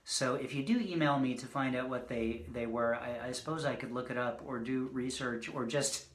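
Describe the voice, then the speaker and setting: A poet gives a casual online reading of his own work from indoors, his medium-pitched voice moving at a moderate pace amid reverberation and background noise. Between poems he rambles and jokes, slipping in self-deprecating asides.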